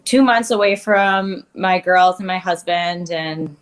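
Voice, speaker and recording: A woman's voice: on the low side, slow pace, a little hiss or hum. A woman from Canada, a guest in an interview, speaking openly and plainly about hard times in a candid conversation. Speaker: guest, athlete.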